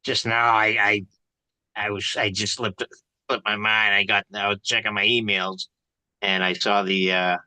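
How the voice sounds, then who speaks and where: A man's voice: on the low side, flat delivery, measured pace, sharp tone, dry recording. A man chatting casually on a video call, hesitant, with many restarts.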